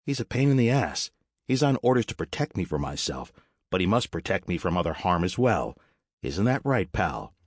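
A narrator puts on a cocky male smuggler, reckless and mocking, who smirks through every line. His voice is deep, a little raised and lively in pitch. The audiobook sound is dry and close. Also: moderate pace, breathy edge, no echo, full character voice.

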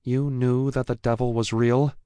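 A man's voice: medium pitch, fairly even intonation, a little slow, a little mellow, no room sound, pitched above the performer's own voice, natural voice. A man voicing an emotional young woman in an audiobook, her words choked and watery as she holds back sobs. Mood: accusing. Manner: tearful, choked, breaking with held-back sobs. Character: young woman, emotional, fierce, loyal friend. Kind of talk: audiobook character voice.

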